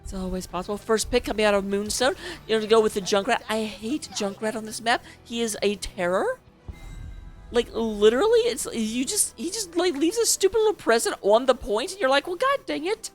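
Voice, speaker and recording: A woman's voice: a little high, expressive, fairly quick, soft background music. A woman casting a live esports match as its host, chatty and playful, joking between the picks. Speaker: esports caster.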